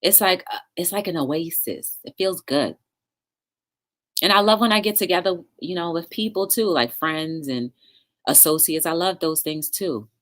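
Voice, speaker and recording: A woman's voice: lowish voice, lively intonation, normal speed. A woman hosting a casual livestream talk show, chatting with viewers in the live chat and encouraging them.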